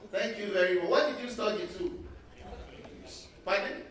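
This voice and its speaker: A man's voice: high voice, moderate pace, a bit bright. A Nigerian man acting as master of ceremonies, teasing speakers playfully and slipping into Yoruba. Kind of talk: joking MC banter. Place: large lecture hall with audience. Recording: echoey hall, distant mic, audience noise.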